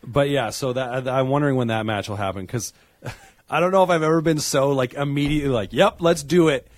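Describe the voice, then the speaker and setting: A man co-hosting a wrestling podcast in casual chat, animated, laughing often and acting out quotes. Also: mid-range voice, quick pace, no echo, studio quality. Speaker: podcast co-host.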